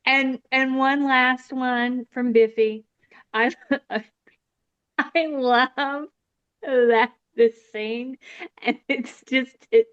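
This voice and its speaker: A woman's voice: sits high, fairly even intonation, drawn-out words, long pauses, fairly bright tone, clean tone. An American woman chatting enthusiastically on a book podcast, often restarting her sentences. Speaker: podcast co-host, book fan. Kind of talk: casual book-club chat. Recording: lo-fi, dull sound.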